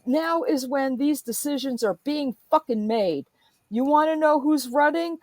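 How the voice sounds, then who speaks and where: A woman's voice: high voice, unhurried, a little mellow, no echo. A woman in a profane, emphatic political rant, speaking as a podcast host.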